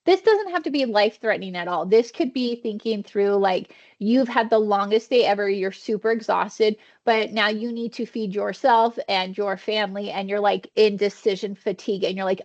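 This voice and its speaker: Female wellness trainer, conversational, acts out thoughts; gravelly edge, dull video-call audio. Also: medium pitch, moderate pace. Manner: warm conversational teaching, acts out inner thoughts. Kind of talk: virtual training session.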